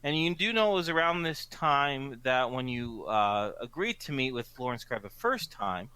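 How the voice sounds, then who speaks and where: A man running a tabletop game as game master, relaxed and full of fillers. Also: medium pitch, moderate pace, clear, resonant tone, dry recording.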